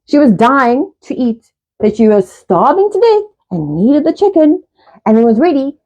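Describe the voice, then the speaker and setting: A middle-aged woman hosting a casual live stream, talking fast in a rambling way and swearing often. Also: high-pitched, sing-song, a little mellow. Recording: dull lo-fi live-stream audio.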